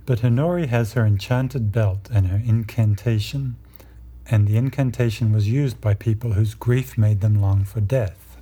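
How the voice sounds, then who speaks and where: A man with a husky voice giving a measured, explanatory lecture on myth and psychology. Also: fairly low pitch, warm tone.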